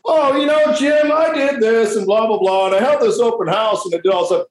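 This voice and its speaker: A man's voice: very high voice, a little fast, a little hiss or hum. A chatty office woman played by a man rattles on breezily in a raised, lilting voice. The sound carries an echoey room around it. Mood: breezy.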